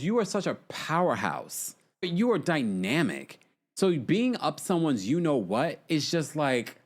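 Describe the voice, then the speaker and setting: A man hosting a casual livestream, chatting about reality TV and reading viewer comments aloud. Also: fairly high pitch. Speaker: livestream host.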